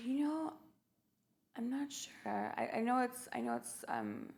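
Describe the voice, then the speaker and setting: Gravelly-voiced woman telling stories in an interview. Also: a little high, huge pitch swings, slow pace, darkish tone. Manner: chatty storyteller, many fillers. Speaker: interview guest. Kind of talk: casual interview chat.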